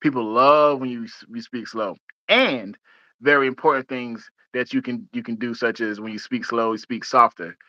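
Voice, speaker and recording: A man hosting a casual podcast chat, talking fast and excitedly, often repeating words as he restarts. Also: mid-range voice, no echo, dull audio. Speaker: podcast host.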